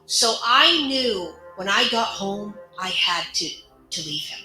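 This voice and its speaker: A woman's voice: mid-range voice, animated, slow pace, bright, forceful tone, faint music behind. Earnest woman telling her own story. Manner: earnest, candid and conversational. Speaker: survivor sharing her story. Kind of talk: personal storytelling monologue. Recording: roomy echo.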